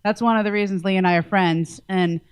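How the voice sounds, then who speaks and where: A woman's voice: medium pitch, steady tone, a little fast, smooth. A young woman introducing an award honoree at a podium in a casual, chatty way, full of "like" and "um". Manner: casual, uses "like" and "um", warm praise.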